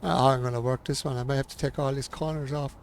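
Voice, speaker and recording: Gravelly man muttering through a stream. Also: medium pitch, steady tone, fast, a little hiss or hum. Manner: muttering, frustrated and self-mocking. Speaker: gaming streamer. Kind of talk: casual live-stream commentary while building.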